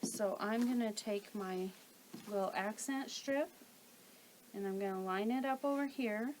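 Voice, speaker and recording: Woman, quilting instructor, unhurried, methodical, faint room hum behind. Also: medium pitch, poor audio. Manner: calm, methodical, talks while working. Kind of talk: step-by-step sewing tutorial.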